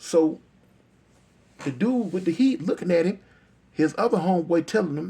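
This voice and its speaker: A man's voice: high voice, animated, normal speed, gravelly, pauses often, dark tone, slightly rough. A man telling a street story aloud in a casual, repetitive, emphatic way.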